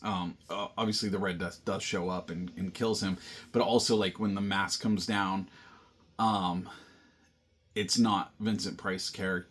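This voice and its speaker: A man's voice: low voice, fairly even intonation, a little slow, a bit bright, slightly rough. A man casually recapping and reviewing a film, rambling with lots of fillers and restarts. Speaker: movie review host.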